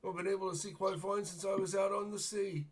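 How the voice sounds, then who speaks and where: A man's voice: sits high, level tone, a little fast, husky, voice pushed up. A man putting on a doddering old blind beggar. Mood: rambling. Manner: wavering, muddled, mishears words. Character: rambling old blind male beggar, former sailor.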